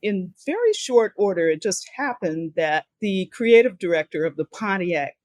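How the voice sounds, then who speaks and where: An older woman recounts her career in an animated, storytelling way, slipping into the voices of the people she quotes. She has a middle-pitched voice. The recording is dry and close, with no room sound. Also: moderate pace, no room sound. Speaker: guest speaker and author. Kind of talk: storytelling in a podcast interview.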